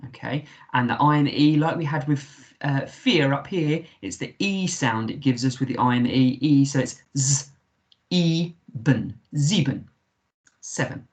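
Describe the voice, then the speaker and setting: A man with an English accent, a primary school teacher giving a recorded remote lesson, patiently sounding out words letter by letter. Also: mid-range voice.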